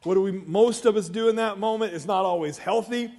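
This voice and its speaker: A man's voice: sits high, a little fast, a little mellow. A man preaching a conversational sermon as a pastor, chatty and self-deprecating, with joking asides to the congregation. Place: church.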